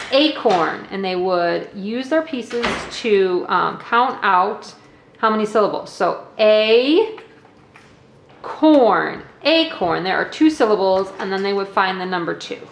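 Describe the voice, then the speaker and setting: A woman's voice: mid-range voice, creaky. A woman teacher casually demonstrating classroom learning activities at a table, explaining step by step and checking in with "okay" and "all right". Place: indoors at a table. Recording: echoey room with faint noise.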